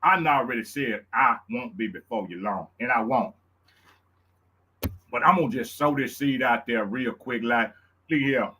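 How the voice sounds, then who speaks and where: A man with a Louisiana Southern accent hosting his own live show, hyped and preacherly, repeating lines and whooping up high. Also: normal speed, pushed and bright, breathy edge. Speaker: show host. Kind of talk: excited live-stream talk.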